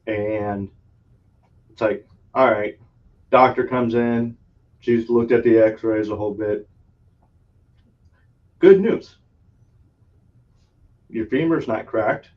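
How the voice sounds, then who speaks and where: Slow and steady with long pauses, a man with a lowish voice hosts a podcast. He tells a long story in casual conversation, rambling, laughing often and swearing freely. The lo-fi audio sounds dull and distant.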